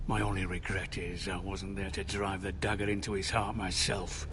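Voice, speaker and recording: An actor playing a hostile, foul-mouthed lord in a video game, shouting and swearing. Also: male voice, on the low side, natural voice. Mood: sneering. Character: hostile, foul-mouthed northern lord, middle-aged man.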